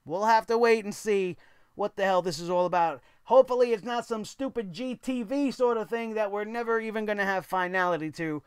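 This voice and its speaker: A man's voice: high-pitched, clear, resonant tone, dry recording, studio quality. A man hosting a wrestling review show, giving blunt, opinionated commentary with casual swearing.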